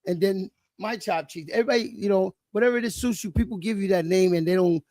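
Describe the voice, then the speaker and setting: A middle-aged man, talking bluntly and profanely in a casual chat, telling animated stories. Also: high voice, fast, dry recording. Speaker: livestream host.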